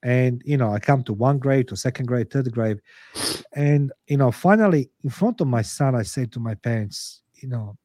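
Recorded at studio quality with no room sound, a middle-aged man speaks in an expressive, mellow, medium-pitched voice at a moderate pace. He is an author and podcast guest using English as a second language, earnest and blunt, his emotional interview talk heavy with swearing.

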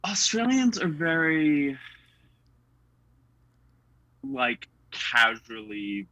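A man's voice: on the high side, sing-song, very slow, bright, forceful tone, highs cut off. A young man from the United States, chatting casually as an interviewee, self-deprecating and full of fillers.

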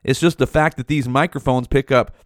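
Man in his 40s, podcast host, heated foul-mouthed rant, mid pitch, dead dry close mic. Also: fairly even intonation, brisk, no echo. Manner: profane, heated ranting. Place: small hot home room. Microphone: mouth right up against the mic.

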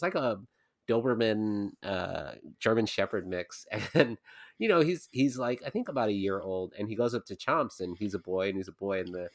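A man's voice: fairly low pitch, no echo, studio quality. Profane, rambling man chatting on a podcast. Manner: rambling, profane, laughs through anecdotes. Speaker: podcast co-host. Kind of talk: casual chat.

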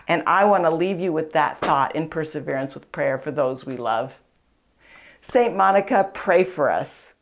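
A woman's voice: low-pitched, moderate pace, slight background noise. A woman hosting a faith podcast, telling a saint's story in an earnest, chatty way with frequent asides. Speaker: podcast host, author and speaker. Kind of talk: conversational storytelling teaching.

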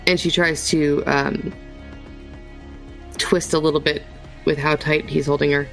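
A woman playing in a tabletop role-playing game, rolling dice and speaking in character in a hesitant, halting way. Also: deep voice, flat delivery, vocal fry, faint music behind. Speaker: player.

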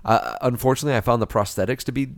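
A man co-hosting a film review podcast, chatting casually and giving measured opinions with hesitant fillers. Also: mid-range voice, no room sound, clean studio sound. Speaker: podcast co-host reviewing films. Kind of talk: casual chat.

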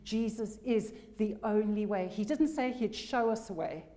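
A woman's voice: mid-range voice, normal speed, mellow. A woman preaching a sermon, emphatic, repeating key phrases for weight.

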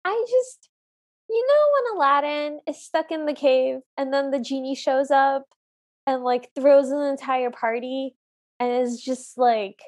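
A woman's voice: high-pitched, darkish tone. A woman co-hosting a podcast, chatting casually and stating her opinions and dislikes plainly. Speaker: podcast co-host. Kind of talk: casual chat.

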